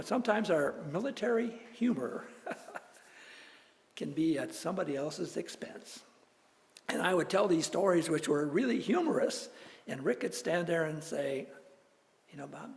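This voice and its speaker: A male minister, likely older, telling personal stories in a sermon, chuckling often as he goes. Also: a little high. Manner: storytelling, chuckles often, animated. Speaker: guest minister. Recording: church hall with long reverb.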